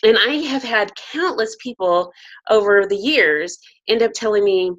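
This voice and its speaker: A woman's voice: medium pitch, unhurried, fairly bright tone, muffled recording. A woman hosting a talk show, speaking earnestly and often affirming her guest. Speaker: host.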